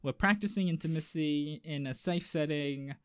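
A man's voice: a little high, moderate pace, clear, resonant tone. Young guy cracking jokes on a podcast, laughs a lot. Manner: joking, self-deprecating, laughs often. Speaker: podcast co-host. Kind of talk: casual chat.

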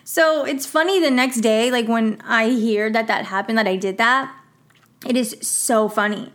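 A woman's voice: on the high side, measured pace, a bit bright. A woman in her twenties hosting a podcast, chatting casually and laughing as she tells stories. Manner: chatty, laughing, acts out quoted voices. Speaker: podcast host. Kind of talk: casual solo podcast chat.

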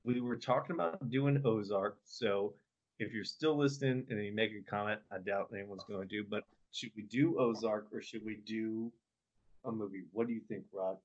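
A man's voice: on the low side, normal speed. Profane, rambling podcast co-host man, lo-fi. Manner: loose and profane, rambling with restarts. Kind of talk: casual podcast chat. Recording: dull lo-fi podcast audio.

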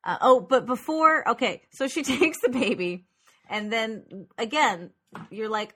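Animated woman podcaster who laughs a lot. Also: on the high side, slow pace, husky. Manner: animated, laughs often, plays up plot twists. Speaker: podcast co-host. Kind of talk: casual movie podcast chat.

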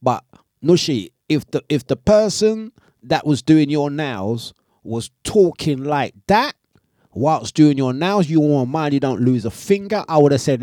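A man hosting a breakfast radio show, telling stories in animated, slangy chat and laughing often. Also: on the high side, unhurried, no room sound, studio quality. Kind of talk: casual live radio chat.

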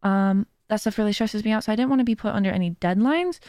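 A young adult woman who is a podcast host and streamer chats casually on her own show, rambling with plenty of fillers and giggles into a close mic. Her mid-range voice is fast and a little mellow, with no echo.

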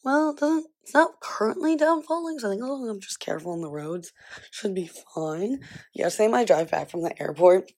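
Getting ready at home, this young woman in her twenties talks to camera in a chatty, rambling vlog, leaning heavily on "like." She speaks a bit fast at a medium pitch, sounding animated and slightly mellow.

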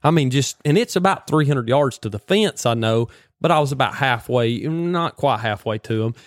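A man telling a hunting story in a casual, animated way, full of folksy slang. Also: mid-range voice, normal speed, dry recording, clean studio sound.

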